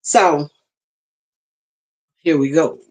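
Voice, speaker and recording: In a low-quality recording, a live-stream host with a mid-range, somewhat mellow voice draws out her words while teaching a class through a tablet and bone-conduction headphones. She chats casually and talks straight to the chat, getting flustered by technical trouble and using plenty of "y'all" and "ain't."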